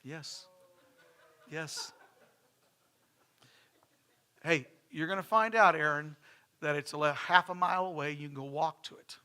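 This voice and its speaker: A man's voice: a little high, moderate pace, pushed and bright, clear, resonant tone. A middle-aged man, preaching a sermon in church with folksy stories and phrases repeated for emphasis. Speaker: pastor.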